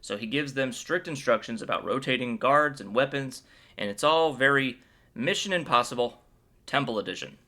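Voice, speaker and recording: He speaks at a medium pitch and normal speed with a sharp tone. He hosts a laid-back Bible commentary, retelling the chapter in an upbeat, playful way and cracking jokes as he goes.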